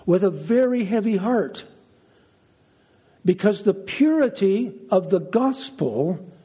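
A man's voice: high voice, warm tone, slightly rough. A middle-aged man teaching the Bible emphatically, asking rhetorical questions and repeating key phrases.

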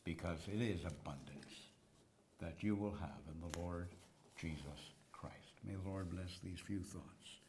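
A man preaching a sermon, slow and dramatic, rising to loud cries and dropping to hushed whispers. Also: low-pitched, slight background noise.

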